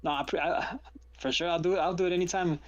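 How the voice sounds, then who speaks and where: A man guesting on a stream, chatting in an easygoing way with halting restarts. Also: a little high, steady tone, muffled recording. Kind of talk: casual stream chat.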